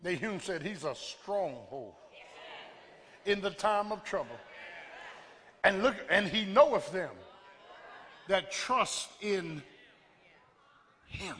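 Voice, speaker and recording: Male preacher, piercing high voice, shouting repeated calls for a witness, church hall reverb. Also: expressive, slow, pauses often. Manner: rhythmic repetition, builds to shouting. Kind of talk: sermon. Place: church sanctuary. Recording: long hall reverb with congregation.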